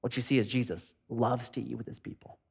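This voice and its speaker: A male pastor preaching a sermon in an animated, joking, conversational way. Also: medium pitch, brisk, gravelly, breathy edge.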